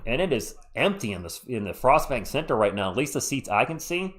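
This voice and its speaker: A live stream play-by-play host calls basketball for fans, pausing between plays to chat and read comments. He talks fairly quickly in a mid-range, very animated, slightly bright voice, with a touch of congestion.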